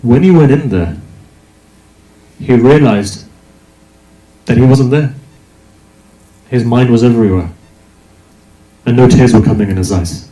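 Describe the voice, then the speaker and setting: A man's voice: medium pitch, a little slow, pauses often, dark tone. A man preaching a religious sermon, speaking emphatically and asking rhetorical questions. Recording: echoey hall.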